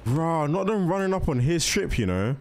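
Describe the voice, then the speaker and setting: A man hosting a casual movie reaction, chatty and excitable, talking straight to the characters on screen. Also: on the high side, moderate pace, soft background music. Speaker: reaction video host.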